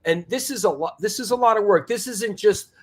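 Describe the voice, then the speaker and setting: A middle-aged man hosts the interview in a fairly high voice. He stops and restarts his sentences and repeats words as he reaches for the right phrase. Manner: halting, repeats words while finding phrasing. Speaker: host. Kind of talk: interview hosting.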